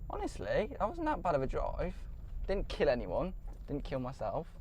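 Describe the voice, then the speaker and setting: A young man chats to his viewers from the driver's seat, swearing freely, his voice a touch high and bouncing all over. Car and road noise hum clearly beneath him. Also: huge pitch swings, moderate pace, a little mellow. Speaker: vlogger. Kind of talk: casual vlog while driving. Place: inside a car.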